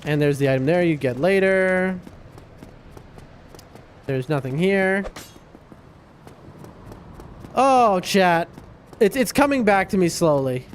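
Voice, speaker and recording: A man's voice: high-pitched, animated, measured pace, long pauses, a little hiss or hum. Joking man streaming a game. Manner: joking, playful, talks back to the game. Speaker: livestream gamer host. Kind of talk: casual gaming stream commentary.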